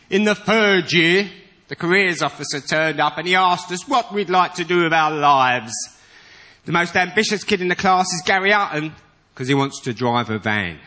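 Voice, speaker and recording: A man's voice: on the high side, sharp tone. A man with a London accent doing a dry stand-up routine as a guest comedian in a theatre. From East End of London. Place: large theatre with live audience.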